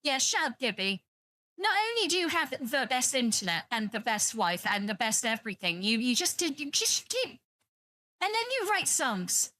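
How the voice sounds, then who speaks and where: High bright-voiced British woman streamer. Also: very animated, normal speed, no echo. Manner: rambling, swears freely, teasing chat. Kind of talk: casual livestream chat with viewers.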